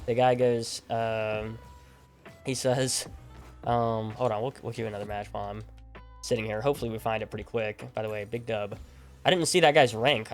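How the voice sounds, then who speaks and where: A young man streaming a game, telling a long story in a rambling, animated way with lots of fillers and restarts. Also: medium pitch. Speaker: gaming streamer. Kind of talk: casual storytelling over gameplay. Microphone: desk microphone at a gaming setup.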